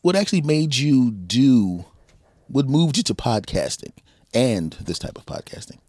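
Relaxed male podcast host, dry sound. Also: mid-range voice, a little slow, no echo. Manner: laid-back, chuckling, many ums. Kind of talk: casual interview chat.

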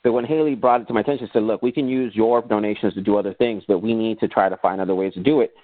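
A man talks fast in a lowish voice that sounds tinny and phone-like, with no room sound. He's a business owner appearing as a podcast guest, animatedly telling stories in a casual interview and acting out conversations he remembers.

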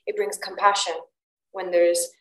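A woman's voice: fairly low pitch, level tone, measured pace, fairly bright tone. Open-hearted woman host in an echoey room. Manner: candid, open storytelling with frequent "like". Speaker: podcast host. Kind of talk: casual podcast conversation. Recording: roomy echo.

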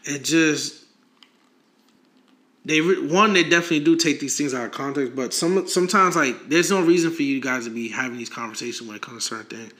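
Bright-voiced man chatting casually. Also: mid-range voice, brisk. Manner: animated, swearing, laughing storyteller. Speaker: podcast co-host. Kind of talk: casual chat.

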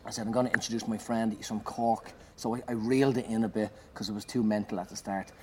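A man, a comedian, telling an animated anecdote in conversation, swearing and shouting out the lines he acts. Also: on the low side, quick pace. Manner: animated, swearing, loud acted-out bursts. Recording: noisy background.

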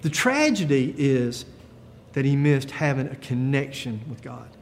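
A man's voice: medium pitch, sing-song, a little slow, gravelly, slight background noise. Guy pastor giving a sermon, easygoing chatty tone, lots of uh, echoey hall. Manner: conversational and gentle, with frequent fillers.

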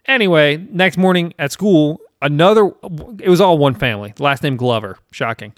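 A man's voice: fairly high pitch, expressive, a little fast, hardly any pauses, no room sound, clean studio sound. A man in his thirties from South Carolina, hosting a casual chat and telling a rambling, profane story with self-deprecating laughs.

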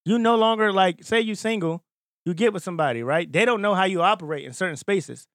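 A man's voice: high-pitched, a little fast, fairly bright tone, dry recording, clean studio sound. A man co-hosting a podcast in casual chat, blunt and emphatic with plenty of profanity. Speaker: podcast co-host.

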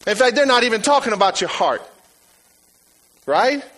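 A man delivers a sermon in a high, bright voice. He repeats his words for emphasis and swings from loud urging to hushed asides. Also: lively intonation, normal speed, low-quality recording. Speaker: preacher.

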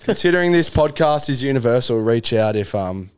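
A man's voice: medium pitch, expressive, a little fast, clear, resonant tone. A young Australian man co-hosting a podcast, telling a rowdy story in casual chat with laughs and swearing. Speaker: podcast co-host.

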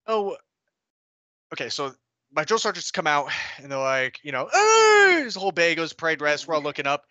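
A man's voice: a little high, bright, forceful tone, no room sound. A young man in casual podcast chat, joking and laughing often as he tells stories. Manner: laughs often, quick jokey asides. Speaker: podcast co-host.

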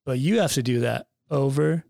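Gravelly laid-back man on a podcast. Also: mid-range voice, normal speed, warm tone, no echo, clean studio sound. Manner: laid-back, swears freely, laughs often. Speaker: podcast guest, graphic designer. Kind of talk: casual podcast conversation.

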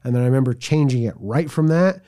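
A man co-hosting a casual podcast chat, animated and joking, often slipping into silly quoted voices. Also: mid-range voice, fast. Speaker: podcast co-host.

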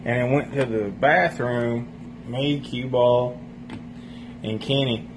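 A man's voice: mid-range voice, fairly even intonation, takes it slowly, background noise. Rambling man telling stories. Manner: rambling, profane, laughs while telling stories. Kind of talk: casual storytelling chat.

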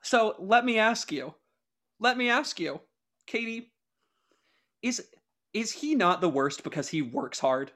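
A podcast co-host trading opinions in an animated chat. Their arguing is heated and overblown, pressing each point with mock outrage. The pitch sits in an ordinary middle range. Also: takes it slowly, pauses often. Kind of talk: casual chat.

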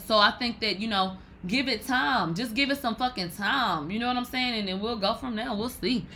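Bright-voiced, blunt, profane woman host. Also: fairly high pitch, moderate pace, hardly any pauses, rough recording. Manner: blunt, profane, loud and animated. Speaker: podcast host. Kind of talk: casual gossip commentary.

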